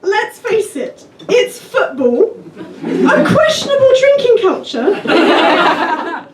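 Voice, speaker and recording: A young woman, half English and half German, performing an animated, self-deprecating stand-up set with mock rants, heard in a small comedy club with the audience laughing. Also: very high voice, slow pace, heavy background noise. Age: young adult. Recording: echoey club recorded from far off.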